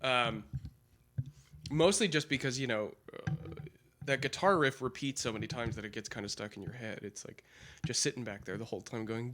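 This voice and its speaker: A man's voice: mid-range voice, animated, a little fast, fairly bright tone. A man chatting loosely about a song's drum part, full of fillers, sometimes scatting the rhythms aloud. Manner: rambling, hesitant with fillers, scats drum and guitar patterns aloud. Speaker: drummer explaining a song. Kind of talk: casual practice-session chat.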